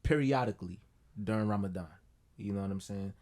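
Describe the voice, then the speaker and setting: A man's voice: fairly low pitch, a little fast, a little mellow. A man, a guest on a casual podcast, talking in a loose, rambling way and often saying "you know what I'm saying". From Brooklyn, New York. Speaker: guest musician.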